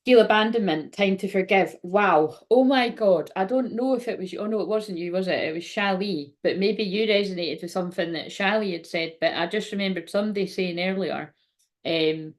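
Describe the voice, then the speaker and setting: A chatty woman hosts a live tarot reading, talking straight to her viewers. She rambles warmly between cards, laughs easily and drops the odd swear word. Her voice sits at an ordinary middle pitch for a woman. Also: brisk. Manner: chatty, laughs often, swears casually, reads viewer comments aloud. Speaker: tarot card reader and livestream host. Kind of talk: casual live-stream card reading.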